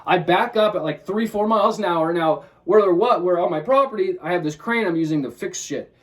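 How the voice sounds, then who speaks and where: A man's voice: sits high, recorded from a distance. A man telling a personal story in a casual vlog, swearing freely and acting out his own inner thoughts as he talks. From Washington State, US. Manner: fast, profane, animated retelling with quoted inner thoughts. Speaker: vlogger.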